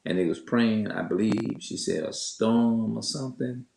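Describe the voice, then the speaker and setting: A man's voice: lowish voice, moderate pace, gravelly, a little mellow, slight background noise. A man telling viewers a story in a heated, cursing rant, stopping and restarting often. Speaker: vlogger. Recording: echoey room.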